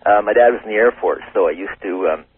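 A middle-aged Canadian man from British Columbia calling in to a radio show, chatty and rambling and quick to laugh. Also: on the low side, slightly rough. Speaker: caller. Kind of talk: phone-in chat. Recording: tinny phone line over radio.

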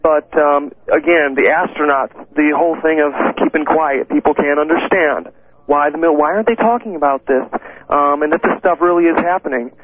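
A man calling in to a radio show, rambling and halting with many fillers. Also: on the high side. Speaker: caller. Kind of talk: call-in radio. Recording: tinny phone line.

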